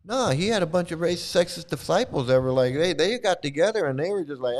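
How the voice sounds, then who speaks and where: A man's voice: on the high side, lively intonation, a little fast. A man giving critical commentary, sarcastic and swearing, now and then mocking other voices. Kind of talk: critical commentary on read-out quotes.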